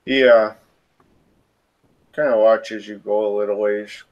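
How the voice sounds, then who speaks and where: A man with a lowish voice runs a tabletop role-playing game as game master. He narrates in a halting way, with many fillers and restarts. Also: steady tone, darkish tone, muffled recording.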